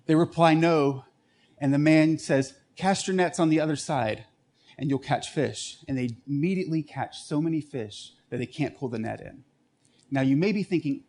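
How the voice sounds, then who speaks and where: A male pastor preaching a sermon, telling stories and acting out quoted lines with lively shifts in pitch.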